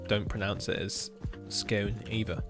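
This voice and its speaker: Casual streamer, Hampshire accent, lowish pitch, easy chatty banter over soft background music. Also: male voice, fairly even intonation, measured pace. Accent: Hampshire English. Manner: chatty, laughs often, reads out chat. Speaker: livestreamer. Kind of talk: casual live-stream chat.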